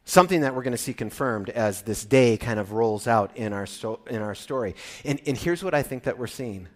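A man preaching an expository sermon in an animated way, dropping to quiet emphasis and then rising loud again. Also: medium pitch, fairly quick. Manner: animated, swings between soft and loud emphasis.

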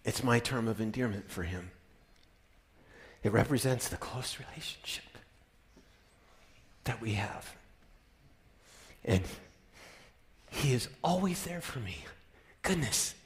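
A man in his fifties preaching a sermon, moving from soft, intimate talk to loud, exclaiming passages, often laughing. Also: medium pitch, animated, slow, pauses often, husky. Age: 50s.

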